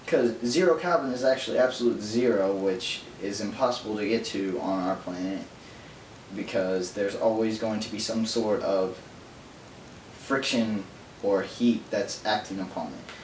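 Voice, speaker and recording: A man vlogging alone in a casual, rambling monologue, talking fast and drifting into nerdy tangents. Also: fairly low pitch, a little mellow. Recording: roomy echo from distance, faint hum.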